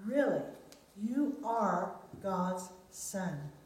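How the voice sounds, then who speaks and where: A woman's voice: mid-range voice, expressive, very slow, darkish tone. A woman reading a Bible story aloud, voicing the disciples as frightened men crying out. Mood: awed. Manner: panicked, crying out. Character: terrified group of adult male disciples. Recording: very echoey room.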